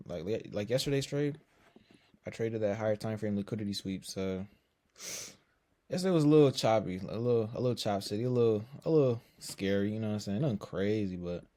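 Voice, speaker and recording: Young guy, slightly low voice, tired, narrating his trades in slangy casual chat, mutters and then curses loudly. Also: a little fast. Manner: swings from low muttering to loud exclamations, swears often; slangy, filler-heavy talk. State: tired from little sleep. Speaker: day trader streaming his session. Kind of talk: casual live trading commentary.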